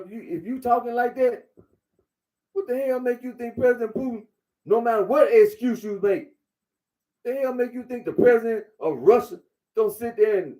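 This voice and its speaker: A man's voice: extremely high pitch, warm tone. A man giving a blunt, repetitive monologue, lecturing the listener directly. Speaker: commentator. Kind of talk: casual monologue.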